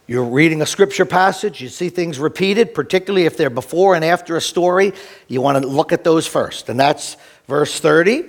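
A man preaching a sermon to his congregation, animated, swinging between emphatic points and hushed asides. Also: a little high, moderate pace. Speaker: pastor.

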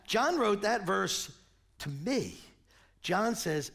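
Older male pastor in his sixties with a high, gravelly voice, animated sermon storyteller. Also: takes it slowly.

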